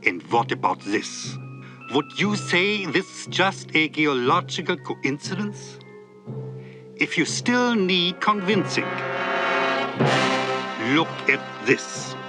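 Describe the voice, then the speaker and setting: An actor playing an earnest theory author who asks slow, insistent rhetorical questions. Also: male voice, a little high, very animated, over music. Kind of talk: mock-documentary acting.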